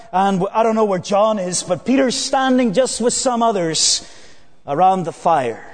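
A man preaching an evening sermon in a church, earnest, slowing down and dropping low on key phrases. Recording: long church hall reverb.

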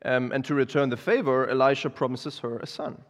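A man preaches in a relaxed, conversational way, often pausing on ums and correcting himself. His mid-range voice carries a long reverb, as if it fills a church hall. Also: medium pitch. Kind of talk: sermon.

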